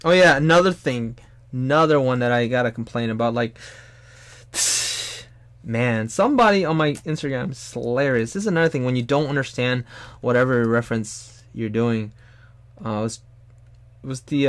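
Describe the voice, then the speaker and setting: A young adult man chatting casually while he draws on a live stream, rambling and animated, sometimes bursting into loud high put-on exclamations. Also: moderate pace, no echo. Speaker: streamer and artist.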